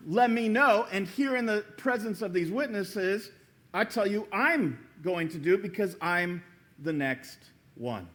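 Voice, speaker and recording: A man preaching a sermon as pastor in church, telling a story with lively acted-out voices. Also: high-pitched, a little slow. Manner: animated storytelling, acting out quoted voices.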